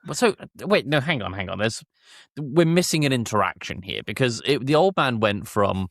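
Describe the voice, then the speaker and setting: A man's voice: mid-range voice, very animated, moderate pace, fairly bright tone, no room sound. A man co-hosting a podcast, chatting casually and making dry, teasing remarks. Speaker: podcast co-host. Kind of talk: casual chat.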